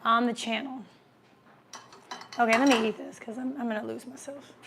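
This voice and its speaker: Woman, casual livestream host, chatty, talks while eating, slightly high voice, gravelly fry. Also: steady tone, moderate pace, noisy background. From American Midwest. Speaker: host answering viewer comments.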